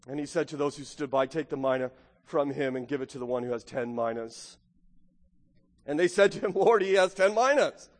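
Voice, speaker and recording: Male pastor, high voice, fervent sermon delivery, long hall reverb. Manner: impassioned, rising to emphatic peaks, acts out quoted excuses. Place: church sanctuary.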